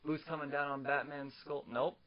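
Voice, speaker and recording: A man's voice: on the high side, level tone, normal speed, lo-fi sound. A young man co-hosting a casual comics podcast, swearing a lot and stammering through restarts as he rants. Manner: profane, ranting, stammers on restarts. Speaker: podcast co-host.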